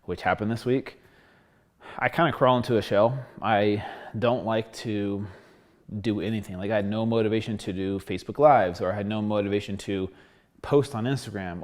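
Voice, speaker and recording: A man's voice: lowish voice, darkish tone. A man talking candidly in a casual video diary, rambling with lots of fillers and sounding short of breath. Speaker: fitness vlogger.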